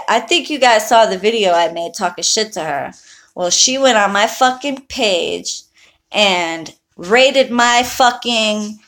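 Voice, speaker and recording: A woman's voice: medium pitch, fairly bright tone. A woman who practises witchcraft, talking casually and heatedly to her viewers on a livestream, full of swearing and blunt talk. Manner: chats with viewers. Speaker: online witch and spell practitioner.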